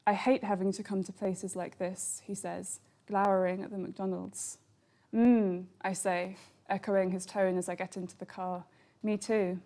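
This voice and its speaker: Even-toned woman reading literary prose. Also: mid-range voice. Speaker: author reading her novel. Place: bookshop event.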